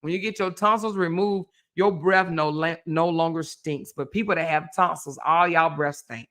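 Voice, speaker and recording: A woman hosting a livestream. She chats casually with her viewers in an animated, teasing way and reads their comments aloud. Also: lowish voice, moderate pace, few pauses. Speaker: livestream host. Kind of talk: casual chat with live viewers.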